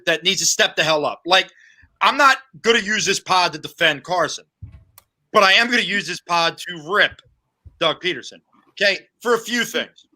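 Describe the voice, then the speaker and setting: A man co-hosting a sports podcast, talking in an animated, sarcastic, conversational way. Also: high voice. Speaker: podcast co-host. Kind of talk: opinionated sports podcast talk.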